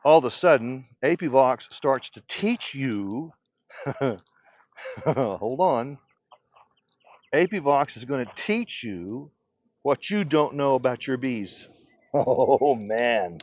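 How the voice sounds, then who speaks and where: A man's voice: medium pitch, animated, slow pace, long pauses, a little mellow, no room sound. Fiery older man ranting, voice all over the place. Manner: fiery, laughs often, blunt and provocative. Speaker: beekeeping teacher. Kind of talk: passionate unscripted rant. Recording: dull lo-fi recording.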